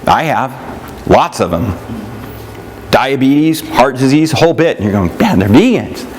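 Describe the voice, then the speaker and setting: Teaching nutrition in a relaxed, chatty way, this man keeps asking "right?" and "yeah?" and mimics what other people say. He speaks at a measured pace with a mid-range voice and lively intonation, over slight background noise.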